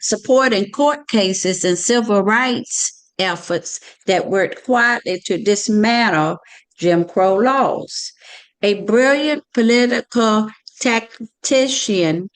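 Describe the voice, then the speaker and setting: A woman's voice: mid-range voice, low-quality recording. A woman reading a text aloud to the class, careful, correcting small slips as she goes.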